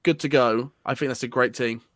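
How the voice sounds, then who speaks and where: A man's voice: mid-range voice, fairly even intonation, a little fast, a bit bright, dry recording. Teasing Englishman co-host, dry sound. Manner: teasing, stammering restarts. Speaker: co-host of a football fan show. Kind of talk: casual live-stream chat.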